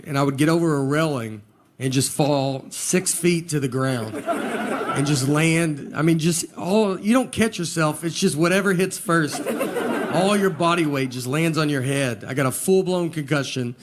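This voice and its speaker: A man, telling stand-up stories in a drawling, deadpan way before a laughing audience. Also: a little high, moderate pace, background noise. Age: 40s. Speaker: stand-up comedian. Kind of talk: stand-up comedy set. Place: live venue with laughing audience.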